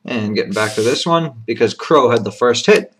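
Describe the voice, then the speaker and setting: Man calmly announcing card pulls. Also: mid-range voice, normal speed, a little hiss or hum. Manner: steady, methodical announcing of each card and serial number. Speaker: card box break host. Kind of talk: live card-opening commentary.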